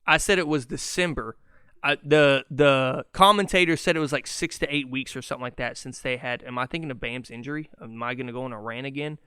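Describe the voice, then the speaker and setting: A man hosting a solo sports podcast, ranting in an excitable, fast and profane way. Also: mid-range voice, clean tone, no echo, studio quality. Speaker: podcast host.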